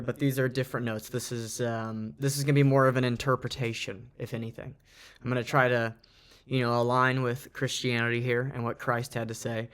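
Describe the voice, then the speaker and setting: Guy reading off his notes about scripture, earnest and thoughtful, steady mid voice. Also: medium pitch, clear, resonant tone. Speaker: Bible teacher. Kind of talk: informal Bible study talk.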